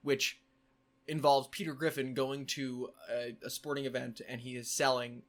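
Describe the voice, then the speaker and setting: A man talking casually to camera in a vlog. He is playful, adds quick asides, and repeats phrases and sounds in bursts. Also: medium pitch, little pitch movement. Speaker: vlogger.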